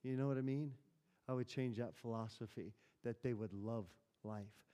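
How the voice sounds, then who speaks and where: A man's voice: mid-range voice, fairly even intonation, moderate pace, dark tone. A man preaching a conversational sermon, telling stories and asking the congregation questions. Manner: chatty, storytelling, asks the room questions. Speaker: pastor. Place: church hall. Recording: reverberant church hall.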